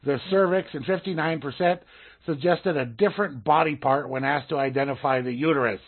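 A man's voice: on the high side, brisk. A man co-hosting a casual podcast, easygoing and often laughing, reading news stories aloud. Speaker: podcast co-host. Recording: phone-like narrow band.

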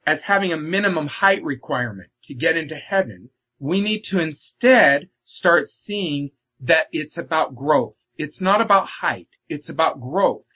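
Speaking as a guest and author, this man discusses faith reflectively, pressing on key words and returning to them again and again. His voice runs on the high side with a breathy edge, and the recording sounds slightly muffled and lo-fi.

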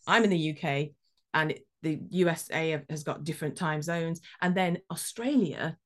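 A woman hosting a podcast, telling a story in a lively, self-mocking way. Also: sits low, normal speed. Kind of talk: casual chat.

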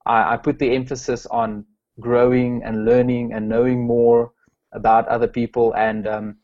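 A man's voice: mid-range voice, level tone, moderate pace, muffled recording. A man from South Africa, a strengths coach, answering interview questions with many fillers and restarts.

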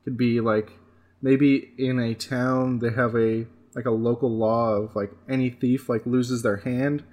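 A man's voice: mid-range voice, level tone, a little slow, a little mellow. Male podcast co-host, hesitant, filler-heavy delivery. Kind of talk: casual podcast chat.

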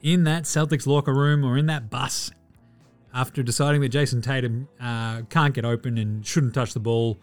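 A man's voice: mid-range voice, brisk, darkish tone, soft background music. A man with an Australian accent, hosting a casual sports podcast, swearing freely and joking through player stats. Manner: profane, joking, mimics players in asides. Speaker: podcast host.

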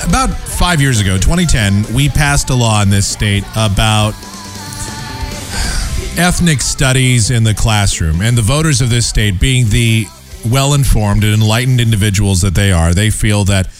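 A man's voice: on the low side, normal speed, faint music behind. A man hosting his own show, talking in a mocking, sarcastic commentary monologue. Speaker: show host.

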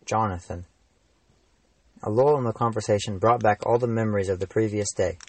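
A man's voice: fairly low pitch, steady tone, fast talker, a little mellow, no room sound, poor audio. Teen man reading his fantasy novel aloud. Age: teens.

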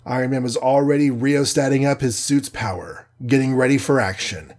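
A man narrating a children's adventure audiobook in a steady, measured reading voice. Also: medium pitch. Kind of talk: scripted storybook narration.

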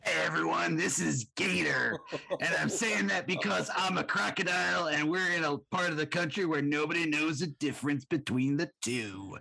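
A man's voice: on the high side, moderate pace, vocal fry, bright, forceful tone, exaggerated voice. A man voicing a joking good-ol'-boy Southern character with a put-on Southern US accent, in a comedic podcast intro.

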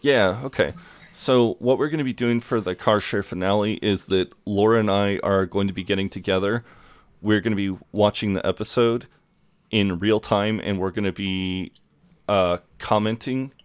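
A man's voice: on the low side, fairly even intonation, moderate pace, smooth, no room sound. A man co-hosting a podcast, chatting casually, swearing freely and often restarting his sentences. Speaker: podcast co-host. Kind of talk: casual chat.

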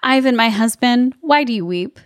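A woman voicing a calm, resolute young princess giving steady instructions in a storybook reading. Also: fairly high pitch, moderate pace, no echo, clean studio sound, close to an everyday voice.

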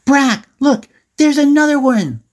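A man's voice: very high-pitched, expressive, a little slow, pitched above the performer's own voice. A man doing a little boy hollering. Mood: excited shouting. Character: excited young boy shouting across river.

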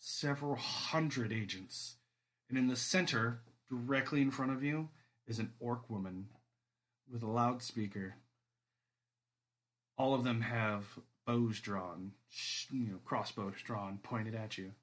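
Relaxed male game master, medium-pitched, rambling through scenes with lots of "uh" and "like". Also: slow pace. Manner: relaxed, rambling, with many fillers. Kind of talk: narrating a tabletop game.

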